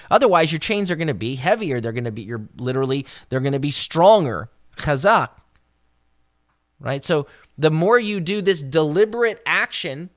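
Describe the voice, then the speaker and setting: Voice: no room sound, studio quality. A Bible teacher giving a devotional talk, who explains Hebrew words along the way and lifts the voice to act out scripture quotes. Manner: expressive, voices scripture quotes with raised pitch.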